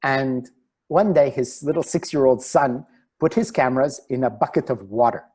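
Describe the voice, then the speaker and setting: Middle-aged man telling animated stories. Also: medium pitch, moderate pace, breathy edge. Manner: animated storyteller, chuckles at himself. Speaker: relationship coach. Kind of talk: webinar talk with anecdotes.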